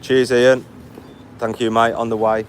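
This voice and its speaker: A man's voice: mid-range voice, flat delivery, unhurried. A tired man on a long walk, reading live chat aloud and firing back blunt, mocking retorts. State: tired from walking. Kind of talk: casual live-stream chat. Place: outdoors by a street on a walk. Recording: faint street noise behind.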